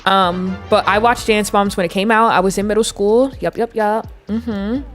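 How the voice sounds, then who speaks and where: A woman's voice: mid-range voice, fairly even intonation, normal speed, faint music behind. A woman in her twenties giving chatty, giggly live commentary as she plays a game and talks to her viewers. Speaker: game streamer. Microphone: desk mic.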